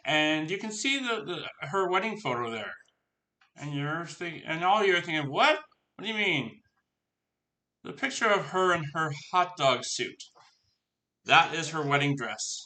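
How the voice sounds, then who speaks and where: A man hosting a live stream interview, relaxed, with supportive interjections. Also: on the high side, unhurried. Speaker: host.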